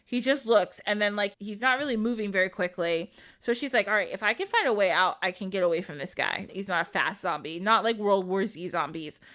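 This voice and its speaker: A woman podcast host with a bright, clear tone tells a story in a relaxed, playful way. She laughs often and slips in loose voices for the characters without ever fully changing her own. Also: mid-range voice, brisk, few pauses. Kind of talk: casual storytelling.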